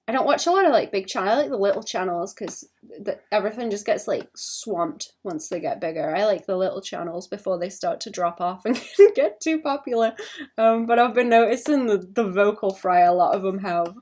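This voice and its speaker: A young woman talks her way through a drawing session on a casual livestream, thinking aloud. Her voice sits mid-range with a touch of vocal fry. She rambles and second-guesses herself. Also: medium pitch, lively intonation, fairly quick. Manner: thinks out loud, rambling and self-conscious. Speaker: illustrator streaming her drawing.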